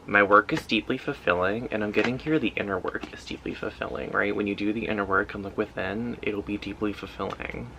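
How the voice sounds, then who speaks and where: A man talking through a tarot reading in a relaxed, intuitive way, with lots of "like" fillers. His voice sits a bit low but has a bright, tense edge. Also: brisk, few pauses, a little hiss or hum, low-quality recording. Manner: loose and intuitive, heavy use of "like" fillers. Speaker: tarot reader. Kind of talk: casual pick-a-card tarot reading.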